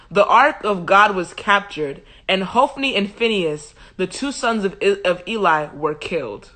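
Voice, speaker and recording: A young woman hosting a livestream, retelling a Bible story in a humorous, slangy, animated way into a phone mic. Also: mid-range voice, measured pace, few pauses. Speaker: host. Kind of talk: casual Bible study retelling.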